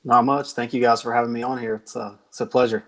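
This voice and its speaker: A man's voice: mid-range voice, level tone, fast. A man answering interview questions in an easygoing, rambling way with plenty of fillers. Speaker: guest, company founder.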